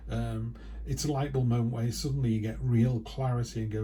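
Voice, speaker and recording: Man, tarot reader, casual chatty delivery, deep warm timbre, slight background ambience. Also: fairly even intonation, brisk, hardly any pauses, slight background noise. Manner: chatty, acts out quoted remarks in other voices. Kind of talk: casual spoken tarot reading.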